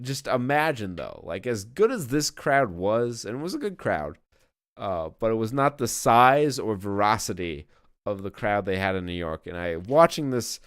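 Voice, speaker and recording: Podcast co-host, male, lowish voice, dry close sound, emphatic casual chat with swearing. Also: clear, resonant tone, dry recording. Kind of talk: casual wrestling review chat.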